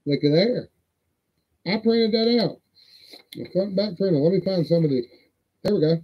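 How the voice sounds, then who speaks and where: A man with a fairly high voice, rambling and swearing in a folksy way as he hosts a livestream. His audio sounds dull and lo-fi. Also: lively intonation, normal speed, husky. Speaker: livestream host. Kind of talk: casual livestream show-and-tell.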